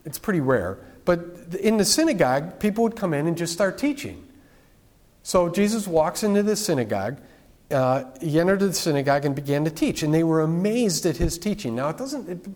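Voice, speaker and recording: A male pastor preaching a casual, conversational sermon with lively asides. His voice sits on the higher side for a man. A long hall reverb trails after his words. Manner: informal, with animated asides.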